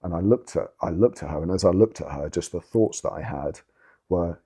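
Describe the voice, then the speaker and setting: A man with a low, husky voice, speaking in an interview. He tells his story candidly and earnestly, leaning hard on words and swearing for emphasis. His tone is dark and mellow. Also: brisk. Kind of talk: candid personal testimony.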